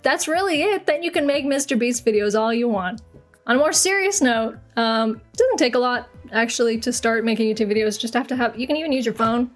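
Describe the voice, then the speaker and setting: Young woman, playful Q&A vlogger, slightly high pitch, big echoey room, faint music. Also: fairly quick. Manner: jokey, switching into silly put-on accents. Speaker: YouTuber answering viewer questions. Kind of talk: casual chat. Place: large echoey room at home. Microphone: desk mic. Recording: roomy home recording with faint music.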